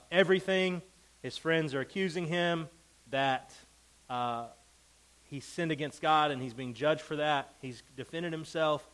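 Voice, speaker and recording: A man's voice: mid-range voice, fairly bright tone, poor audio. A man teaching a Bible lesson to a class. He reads scripture with emphasis and keeps checking in with the group.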